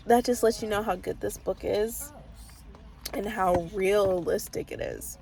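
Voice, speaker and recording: A woman's voice: mid-range voice, a little slow, vocal fry, darkish tone. Woman book vlogger, casual and rambling, heavy on fillers, emotional, mid-range voice. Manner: rambling, full of fillers and restarts; openly emotional. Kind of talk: casual reading vlog chat. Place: parked car.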